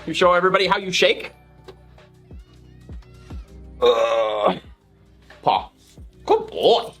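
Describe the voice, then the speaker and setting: A woman's voice: on the low side, very animated, takes it slowly, vocal fry, a bit bright, soft background music. A woman chatting casually on a live stream, gushing thanks to viewers and coaxing her dog.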